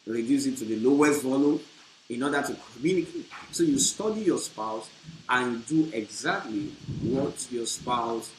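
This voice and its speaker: A man preaching a teaching on marriage, with an emphatic delivery that swells into loud bursts. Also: mid-range voice. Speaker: pastor. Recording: echoey room with faint hiss.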